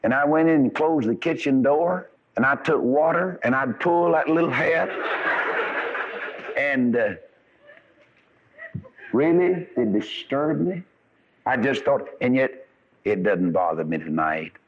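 A man's voice: mid-range voice, expressive, a little slow, long pauses. A man preaching a sermon, telling folksy stories with rising and falling emphasis. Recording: dull lo-fi radio broadcast.

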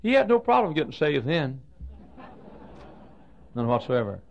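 Folksy older preacher with a gravelly voice. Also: male voice, on the high side, very animated, unhurried, muffled recording. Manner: folksy storytelling with stammered restarts and sudden swings from loud to soft. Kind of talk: sermon.

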